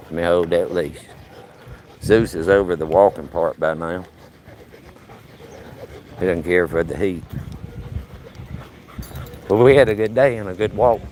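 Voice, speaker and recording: A man's voice: low-pitched, unhurried, long pauses, darkish tone, slight background noise. A man, chatting casually on a live stream as he walks his dog outdoors. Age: 50s. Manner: talks to his dog as he strolls, folksy and joking. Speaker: vlogger. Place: outdoors on a neighborhood street. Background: faint outdoor ambience.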